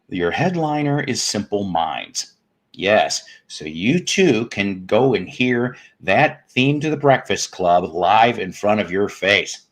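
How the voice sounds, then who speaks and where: A low-pitched man in his fifties talks casually on a home live stream, his voice swinging widely up and down as he greets viewers. He jokes constantly, tossing off puns and salty asides. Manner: joking, punning, profane asides. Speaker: host of a live music stream. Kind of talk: casual live-stream chat reading comments.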